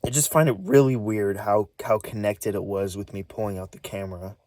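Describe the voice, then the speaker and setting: A man's voice: fairly low pitch, fairly even intonation, brisk, darkish tone, no echo. A man vlogging about a strange experience, talking nervously and stammering, restarting words, his voice swinging up and down. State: nervous and shaky. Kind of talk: rambling casual vlog.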